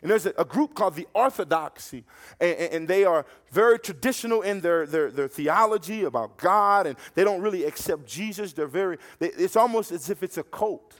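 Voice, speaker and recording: High-voiced fervent male preacher. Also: expressive, brisk, a bit bright. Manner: fervent, storytelling, repeats words when restarting. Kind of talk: sermon.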